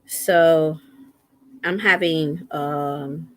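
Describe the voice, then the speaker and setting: Slow, chatty woman livestream host. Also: low voice, fairly even intonation, a bit bright. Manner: rambling, faith-filled, chatty with viewers. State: in pain, resting a sore foot. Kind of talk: casual livestream chat.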